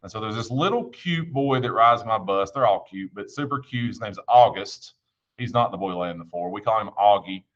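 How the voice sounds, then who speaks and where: A man's voice: on the low side, highs cut off. A man giving an informal devotional talk, telling stories in a folksy, earnest way with frequent restarts. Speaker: church devotion speaker and school bus driver.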